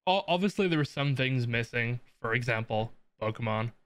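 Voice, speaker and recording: A man hosting a podcast, talking in a relaxed, easygoing way as he opens the episode and chats. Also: medium pitch, normal speed, clear, resonant tone, dry recording. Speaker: podcast host. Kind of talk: casual podcast chat.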